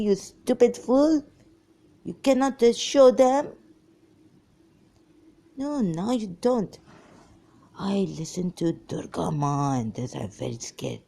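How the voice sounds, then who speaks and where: With a warm, creaky voice at medium pitch, an ex-Muslim vlogger vents to the camera. Her monologue wanders and jumps around, colored by exasperation.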